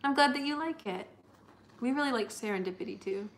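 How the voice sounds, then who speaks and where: A woman's voice: on the high side, brisk. Chatty young woman, rambling fan talk. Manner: chatty, rambling with many fillers. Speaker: live stream co-host. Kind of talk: casual chat with viewers.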